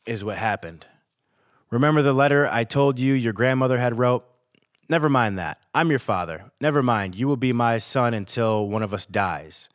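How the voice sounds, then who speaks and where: Man, 30s, podcast host, reading a letter aloud, earnest, middle pitch, dry sound. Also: moderate pace, dry recording.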